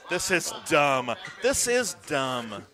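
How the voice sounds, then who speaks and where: A man doing casual live commentary on a golf video game tournament, swearing and breaking into shouts. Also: on the high side, slow, faint music behind. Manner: excitable, swears, bursts into shouts.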